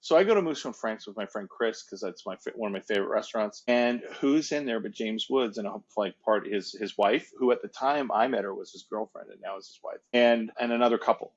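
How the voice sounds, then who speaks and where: Man, husky voice, casual rambling storyteller, muffled lo-fi audio. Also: on the low side, fairly quick, few pauses. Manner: rambling, repeats words and restarts. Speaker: guest actor and producer.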